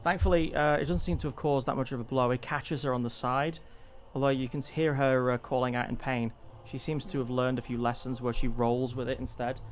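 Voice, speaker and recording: A man's voice: mid-range voice, fairly even intonation, slight background noise. Man narrating as game master. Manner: descriptive, unhurried narration with restarts.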